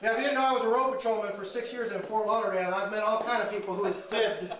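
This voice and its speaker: A man doing live stand-up comedy, teasing audience members in loud banter. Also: sits high, fairly even intonation, very fast. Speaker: stand-up comedian hosting a crowd game. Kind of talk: live stand-up with crowd work. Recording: echoey room, far mic, crowd noise.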